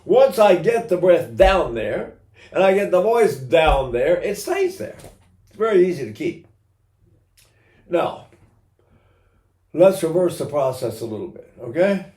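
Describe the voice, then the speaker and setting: An older man teaches singing in an animated way, now and then breaking into a sung vowel or a laugh to make his point. His speaking voice sits a bit high for a man. The room around him rings with a noticeable echo. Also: a little slow, pauses often. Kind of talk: singing lesson with sung examples. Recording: roomy echo.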